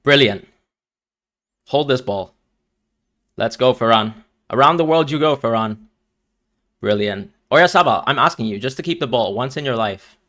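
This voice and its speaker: A man's voice: mid-range voice, moderate pace, long pauses, a bit bright, no room sound, studio quality. A man streaming live and reacting emotionally to a football match as he watches, talking to his viewers.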